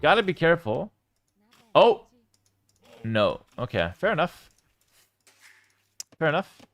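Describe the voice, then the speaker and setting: A young man casting a strategy game live and chatting with his viewers, with sudden bursts of excitement. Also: fairly high pitch, takes it slowly. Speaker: game streamer and caster. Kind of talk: live game commentary with chat.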